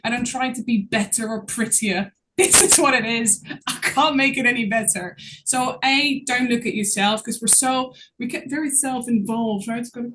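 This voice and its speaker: Woman chatting as a speaking coach, kinda high-pitched, expressive, laughs lots, bit of hiss. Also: moderate pace. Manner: expressive, laughs often while talking. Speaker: guest public speaking coach. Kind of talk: casual interview chat.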